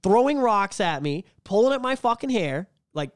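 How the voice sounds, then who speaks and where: A man's voice: high-pitched, normal speed, dry recording, clean studio sound. A man in his thirties, co-hosting a podcast and telling stories with lots of swearing and put-on voices. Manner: profane, animated storytelling with put-on voices. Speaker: podcast co-host. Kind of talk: casual chat.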